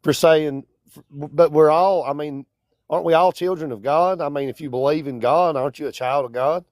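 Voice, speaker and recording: Just out of bed, this Kentucky caller from close to the Tennessee line rambles through a casual debate call-in, stumbling on words and being self-deprecating. He talks at a moderate pace in a fairly high, slightly mellow voice, and the recording is dry.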